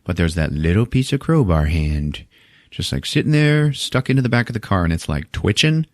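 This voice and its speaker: A low-voiced man recaps a movie on his podcast, cursing freely and breaking into laughter. His pitch jumps around a lot as he tells it. The sound is dry and close. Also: normal speed, no echo. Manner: profane, animated, laughs often. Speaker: podcast host.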